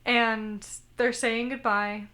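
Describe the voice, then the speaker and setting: Speaking slowly, this woman has a high, bright, forceful voice with little pitch movement. She co-hosts a laid-back podcast, recounting anime scenes and quoting characters without changing her voice.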